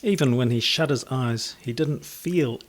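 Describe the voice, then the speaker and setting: A man reading a children's picture book aloud in an expressive, theatrical way. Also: medium pitch, unhurried. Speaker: storyteller.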